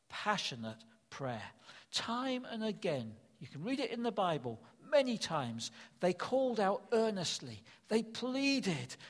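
A man's voice: high-pitched, in a large hall. An older man preaching a sermon, earnest and emphatic, repeating his key phrases.

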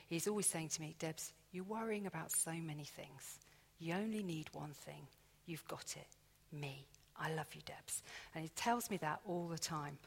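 A woman preaches in a chatty, confiding way, acting out her own thoughts as she tells stories. Her voice sits a little low. Her words ring out with a long echo from a hall. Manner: chatty, confiding, acts out inner dialogue. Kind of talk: conversational sermon with personal stories. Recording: echoey hall.

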